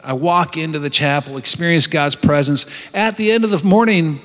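A man's voice: on the high side, moderate pace, a bit bright. A man giving a heartfelt personal testimony at a retreat, telling his story earnestly with frequent restarts. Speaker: retreat speaker. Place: conference hall. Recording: long hall reverb.

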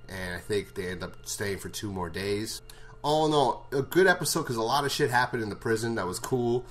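A man's voice: on the low side, fairly bright tone. A man recapping a TV episode in a casual, rambling way, swearing and laughing often. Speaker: show reviewer.

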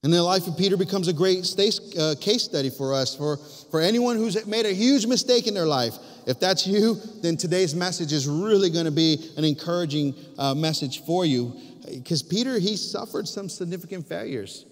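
A man's voice: sits high, normal speed. Man preaching in a reverberant church. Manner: emphatic preaching with many restarts and dramatic drops to near-whispers. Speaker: pastor. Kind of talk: sermon. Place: church sanctuary. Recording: long reverb of a church hall.

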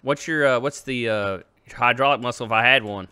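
A man's voice: mid-range voice, fairly quick, pushed and bright, clean tone. A young man with a drawl, joking and bantering in a casual roleplay game with a rowdy manner. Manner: rowdy joking drawl, makes siren noises. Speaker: streamer playing a roleplay character.

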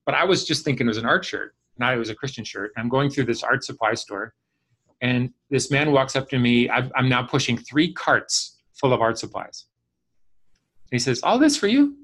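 A husky, medium-pitched man from the Chicago area talks at a normal pace as a guest on a video call. He tells a long story in an online class and animatedly acts out the voices of the people in it.

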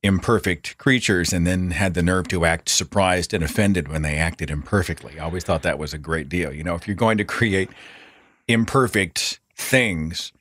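A man hosting a podcast interview, speaking in a relaxed, conversational way. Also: low voice, normal speed, dry recording. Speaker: podcast host.

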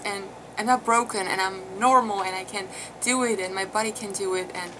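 Talking a little fast with few pauses, a mother tells her birth story in a casual vlog, her mid-range intonation fairly even. She is emotional and chatty with many fillers, and background noise is clearly audible.

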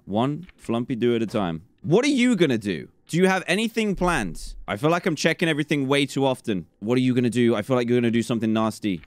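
Excitable guy doing a horror game let's play, voice swings all over, yells at the monsters. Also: clean tone, no echo. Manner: excitable, talks to game characters, jumps high when startled. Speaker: gaming YouTuber.

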